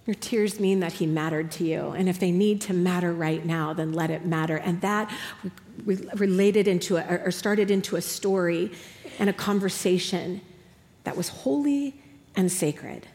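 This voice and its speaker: A woman in her thirties preaching a sermon in an animated, conversational way with self-deprecating humor. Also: fairly low pitch, moderate pace, echoey room, big-room sound.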